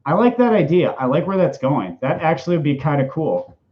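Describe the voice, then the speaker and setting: A man chats casually with a slightly high voice, rambling and restarting his sentences. The sound is dull and lo-fi. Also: sing-song, a little fast. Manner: rambling, self-interrupting, chatty. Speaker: streamer answering questions. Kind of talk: casual chat.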